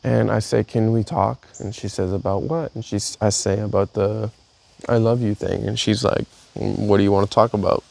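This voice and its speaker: A young man reads entries from his own journal aloud in a casual, halting way, often restarting his sentences. His voice sits low and has a gravelly, rough edge to it. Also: steady tone, darkish tone. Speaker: vlogger. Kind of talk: reading a personal journal aloud.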